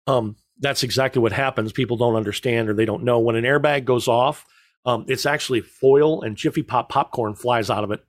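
A middle-aged man chats as a podcast co-host, drifting through long anecdotes and slipping deadpan jokes in. His voice sits at a middle pitch. The sound is dry and close to the mic. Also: fairly quick, no room sound. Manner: rambling storyteller, joking deadpan. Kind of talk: casual chat.

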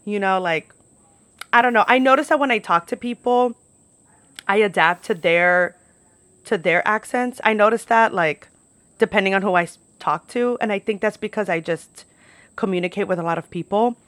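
A woman's voice: mid-range voice, normal speed, fairly bright tone, no echo. A young woman from New York telling stories in a casual, chatty monologue, full of "like" and casual swearing. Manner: chatty, peppered with "like", swears freely.

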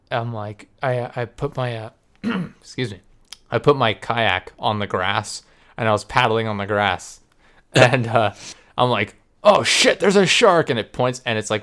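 A man's voice: fairly low pitch, fairly even intonation, normal speed, fairly bright tone, smooth. A young man co-hosting a podcast, telling rambling, profane, self-deprecating stories in casual chat. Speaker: podcast co-host and video editor.

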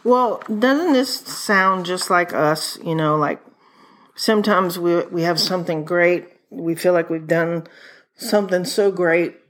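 A woman's voice: fairly low pitch, unhurried. A woman co-hosting a podcast in casual chat, earnestly relating scripture to her own life. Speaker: podcast co-host. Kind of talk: casual Bible study chat.

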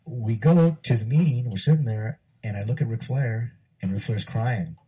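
A man's voice: moderate pace, mellow, breathy edge, soft background music, poor audio. A man in casual podcast talk, recounting a story with feeling and acting out what others said. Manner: emotional, acts out quotes with shifting pitch. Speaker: former wrestler recounting a story.

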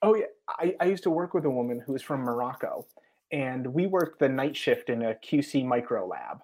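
Guest voice: American man, mid-pitched, lively storyteller who laughs often. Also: moderate pace. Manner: animated anecdotes with frequent laughs and acted quotes. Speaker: guest, TV traveler. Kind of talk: casual storytelling interview.

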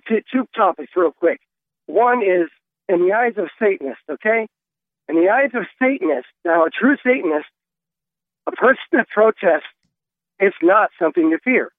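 A man's voice: high voice, no room sound. A man in his fifties, a truck driver calling in to a radio show, speaking in an earnest, fervent and preachy way. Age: 50s. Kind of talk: call-in radio talk. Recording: tinny phone line.

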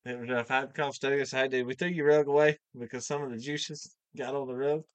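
A man's voice: mid-range voice, fairly even intonation, fast, clear, resonant tone, dry recording. A man, a mechanic guest, telling a folksy, profane story in casual chat.

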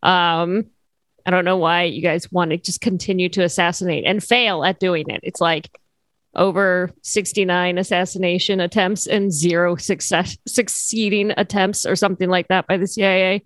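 A woman's voice: on the low side, fairly even intonation, normal speed, fairly bright tone, no room sound. A woman co-hosting a podcast, chatting casually and joking, with lots of fillers. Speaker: podcast co-host. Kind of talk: casual chat.

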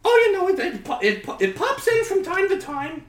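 A man in falsetto doing an impression of a female presidential candidate with a New Jersey accent. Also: huge pitch swings, fairly quick, echoey room, heavily acted. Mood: shrill. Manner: shrieking, falsetto.

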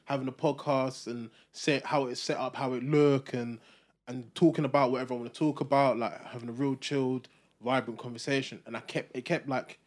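A young man, co-hosting a podcast and musing in a relaxed, rambling way. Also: medium pitch. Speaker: podcast co-host. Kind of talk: casual chat.

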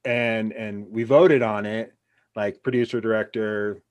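A man hosting a casual interview, speaking in an easygoing, halting way. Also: lowish voice, steady tone, darkish tone. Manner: easygoing, halting, with many restarts. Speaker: podcast host.

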